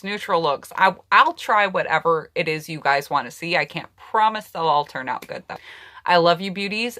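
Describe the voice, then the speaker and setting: Chatty woman beauty vlogger, bright voice. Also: lowish voice. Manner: chatty, personal opinions, addresses viewers directly. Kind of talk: casual makeup palette review.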